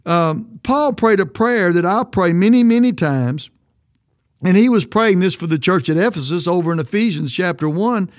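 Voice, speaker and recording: A man's voice: high-pitched, lively intonation, moderate pace, no echo, clean studio sound. A man preaching a sermon as pastor, earnest and emphatic, his voice leaping up on quoted questions.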